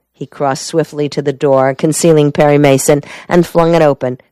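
Woman audiobook narrator, low voice, dry close recording, measured. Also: steady tone, mellow, clean tone, no room sound. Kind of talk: scripted narration.

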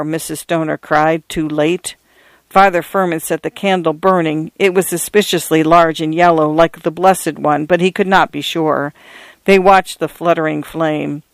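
A man narrating a literary story aloud in a measured, even way. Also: fairly high pitch, creaky, no room sound. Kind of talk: scripted story reading.

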